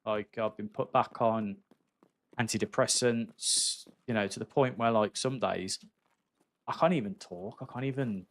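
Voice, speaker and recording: A man's voice: fairly low pitch, measured pace, a bit bright. A man chatting candidly and casually as he livestreams a game, swearing freely and calling his viewers mate. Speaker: gaming livestreamer. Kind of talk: casual live-stream chat while playing.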